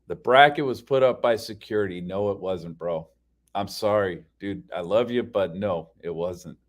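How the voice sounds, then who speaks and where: A man's voice: deep voice, moderate pace. A man telling a story as a casual rant, heated and profane, with frequent fillers. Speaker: podcast ranter.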